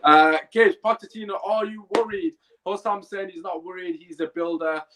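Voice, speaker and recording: A man's voice: high voice, normal speed, sharp tone, low-quality recording. Slangy young man hosting. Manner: blunt, joking, slangy. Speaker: podcast host. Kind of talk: casual podcast chat.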